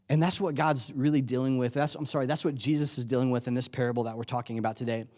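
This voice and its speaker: A man preaching a sermon, telling a lively personal story with lots of excitement and self-mocking humor and frequent restarts. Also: mid-range voice, fast, few pauses. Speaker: youth pastor turned preacher. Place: church sanctuary.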